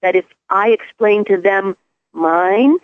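A woman's voice: medium pitch, slow pace, no echo. Woman, New York accent, reflective, rhetorical questions, phone-thin sound, dry. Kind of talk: casual chat. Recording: tinny phone-like line.

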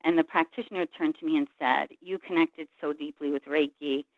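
A woman's voice: low voice, fairly even intonation, brisk, dry recording. Woman, reflective storyteller, acts out others' lines, tinny phone-line sound, dry. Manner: earnest, reflective, retells scenes by voicing others' words. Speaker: guest, Reiki practitioner. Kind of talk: personal storytelling in a call-in interview.

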